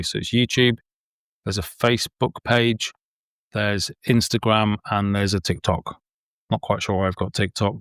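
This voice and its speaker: A man's voice: on the low side, dry recording, studio quality. A man, a filmmaker and paranormal investigator, chatting as an interview guest, rambling with many ums and repeated words. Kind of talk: casual interview chat.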